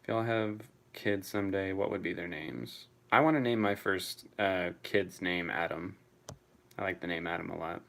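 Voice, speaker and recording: Low-voiced young man chatting casually. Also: normal speed, creaky, fairly bright tone. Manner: chatty, swears freely, laughs often. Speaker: streamer answering chat. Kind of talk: casual live chat.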